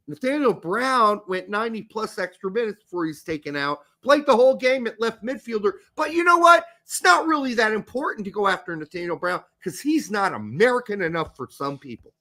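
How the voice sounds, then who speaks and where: A man co-hosting a casual soccer chat, talking in an animated, profane, rambling way. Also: high-pitched. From born in the US, raised in Germany. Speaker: podcast co-host.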